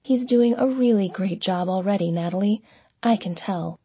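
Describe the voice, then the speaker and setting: Lady reading as a teary mom playing it cool, soft and soothing, low warm tone, husky edge. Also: normal speed, no echo, lightly acted. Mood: coaxing. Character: tearful middle-aged mother brushing off trouble.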